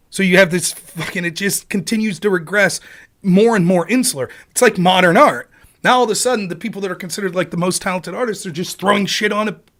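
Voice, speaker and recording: A man hosting a livestream, talking casually and profanely, sometimes bursting into sped-up rapid-fire talk. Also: sits high, a bit bright. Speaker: livestream host.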